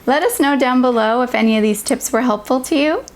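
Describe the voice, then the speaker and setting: A woman lactation consultant giving clear, step-by-step safety instructions in an instructional health video. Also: high voice, a little fast.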